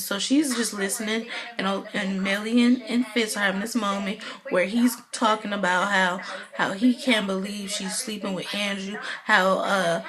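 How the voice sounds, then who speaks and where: A woman's voice: mid-range voice, fairly even intonation, moderate pace, a crowd in the background, low-quality recording. A woman giving a casual, opinionated recap of a TV episode, chatty and full of fillers. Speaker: video blogger.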